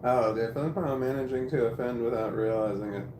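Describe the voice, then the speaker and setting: A man's voice: mid-range voice, a little fast. A man hosting a casual livestream, reading chat messages aloud and telling stories with lots of laughter and swearing. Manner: animated storytelling, laughs often, swears. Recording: roomy sound with faint background noise.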